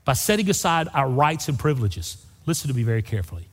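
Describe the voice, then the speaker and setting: A pastor with a drawl preaches to his congregation in a folksy, storytelling way. His voice swoops up and down with a slightly husky grain. The sound carries a long reverb from a big church hall. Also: mid-range voice, sing-song, fast talker. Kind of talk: sermon. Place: church sanctuary.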